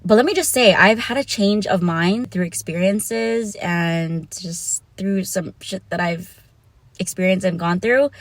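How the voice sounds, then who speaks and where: A woman's voice: mid-range voice, measured pace, no echo. Frank, giggly young woman vlogger. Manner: frank, giggly, swearing, self-conscious asides. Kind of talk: casual candid monologue.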